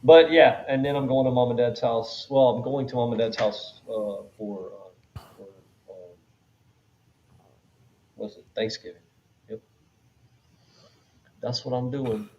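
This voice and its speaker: A man's voice: medium pitch, steady tone, unhurried, long pauses, darkish tone, highs cut off, a little hiss or hum. A man chatting casually as a guest, laid-back and joking. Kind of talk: casual chat.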